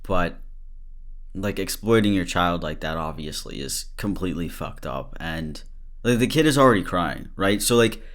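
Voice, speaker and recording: A man's voice: low voice, expressive, moderate pace, fairly bright tone. A man hosting a podcast, reacting candidly to a clip with laughter and blunt swearing. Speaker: podcast host. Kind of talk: casual commentary.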